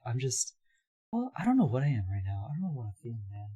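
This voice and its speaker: A hoarse young man streaming live, chatting casually, reading his chat aloud and laughing often. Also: mid-range voice, huge pitch swings, fast talker, mellow.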